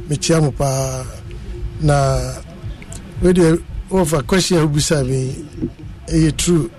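A man with a Ghanaian accent, a guest talking in a loose, relaxed way on a chat show. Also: fairly high pitch, slow, rough recording. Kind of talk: casual radio chat.

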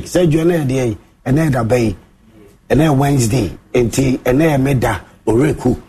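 A man with a Ghanaian accent hosting a sports monologue show, mixing Twi and English, theatrical, with big swings in pitch. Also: warm tone, husky. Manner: mixes Twi and English, theatrical, shifts pitch a lot, sings bits.

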